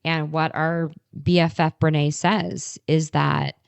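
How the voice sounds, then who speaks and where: A woman's voice: low-pitched, little pitch movement, takes it slowly, creaky, clean tone, no echo. A woman in her thirties co-hosting a podcast, telling candid stories and affirming her co-host. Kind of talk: casual chat.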